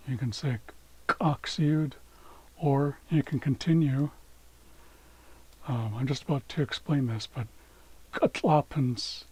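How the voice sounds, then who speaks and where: A man giving a screen-share language lesson, saying each word slowly twice so it can be repeated. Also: mid-range voice, a little mellow, husky, poor audio. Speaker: language teacher.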